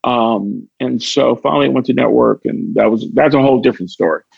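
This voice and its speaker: A man's voice: mid-range voice, a little fast, gravelly, husky, no echo, dull audio. A man, an actor and comedian from Chicago, telling stories in a casual chat and acting out the voices in them. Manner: animated, acts out voices in his stories. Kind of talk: casual storytelling.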